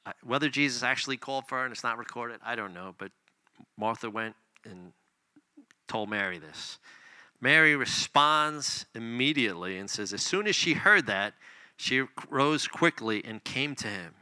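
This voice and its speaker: A man preaching a sermon, reading scripture and explaining it conversationally, swinging between loud emphasis and hushed near-whispers. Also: mid-range voice, expressive, normal speed, dry recording. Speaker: pastor.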